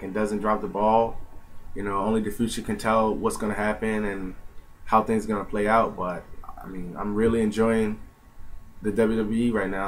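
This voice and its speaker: A man's voice: lowish voice, a little hiss or hum, rough recording. A man giving a casual, rambling spoken recap as the host of a wrestling review channel, with lots of fillers. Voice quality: laid-back, filler-heavy rambling delivery. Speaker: YouTube wrestling show reviewer.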